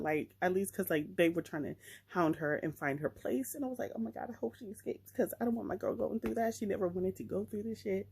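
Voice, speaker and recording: A young woman vlogging, chatting excitedly and emotionally about a book she just read, talking straight to her viewers. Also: medium pitch, gravelly, husky, poor audio. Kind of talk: casual chat.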